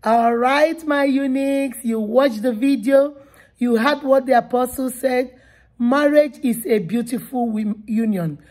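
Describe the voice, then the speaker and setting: A woman's voice: sits high, measured pace, a little mellow, faint music behind. A woman hosting a channel, speaking earnestly and directly to her viewers after a sermon clip. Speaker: channel host. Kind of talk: casual commentary to viewers.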